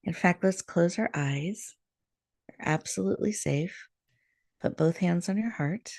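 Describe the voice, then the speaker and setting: A woman guides a breathing meditation, speaking softly and unhurriedly with a gravelly edge. Her voice is dry and close, with no room sound around it. She talks as the host of the show. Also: lowish voice, no room sound. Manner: soft, slow, soothing guidance. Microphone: video call.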